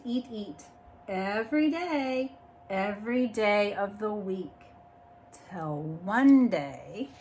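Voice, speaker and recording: Slow, lively woman reading a storybook. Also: fairly high pitch, slight background noise. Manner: expressive, stops to explain the story. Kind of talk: storybook read-aloud.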